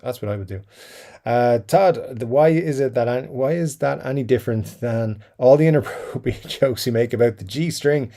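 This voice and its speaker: A man hosts a relaxed livestream chat and reads out viewer messages. His voice is dark and mellow, with a gravelly fry running through it. He wanders between thoughts, full of "um"s and soft chuckles. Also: mid-range voice, normal speed. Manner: rambling, many fillers and chuckles. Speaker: livestream host reading chat. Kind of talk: casual live-stream chat.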